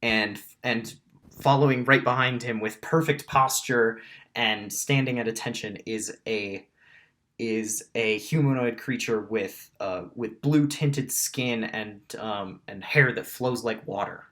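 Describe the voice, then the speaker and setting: Brief: male game master, slow, halting narration, mid pitch. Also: bright, forceful tone. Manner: halting, many restarts and ums. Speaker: dungeon master.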